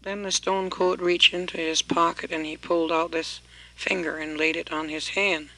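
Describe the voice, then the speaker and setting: A man telling a traditional folk tale in a folksy, unhurried way, often repeating "he says". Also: fairly high pitch, little pitch movement, sharp tone, poor audio. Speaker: storyteller.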